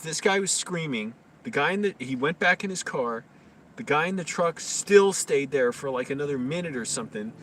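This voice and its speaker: A man rambles loosely on a live stream, using lots of fillers in casual chat. His voice is a little high and a bit bright, with lively intonation and a moderate pace. The mic sounds slightly distant, with faint noise.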